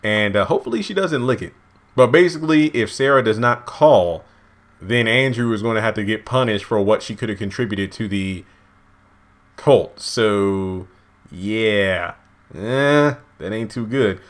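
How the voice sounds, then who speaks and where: A man casually recapping a TV episode at home, lively and acting out characters' lines in high voices. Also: unhurried. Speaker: TV show reviewer. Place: home, indoors.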